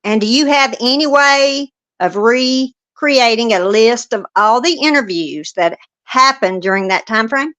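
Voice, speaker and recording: A woman reading the part of a female prosecutor, questioning a witness in a steady, pointed way. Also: on the high side, measured pace, few pauses. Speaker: reader in a transcript read-through. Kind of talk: courtroom transcript reading.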